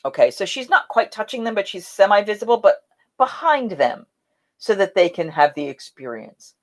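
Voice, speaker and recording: A woman hosting a casual live chat, telling stories in an animated way and acting out quotes. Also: mid-range voice, moderate pace. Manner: animated, laughing storyteller who acts out quotes. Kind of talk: casual live-stream storytelling.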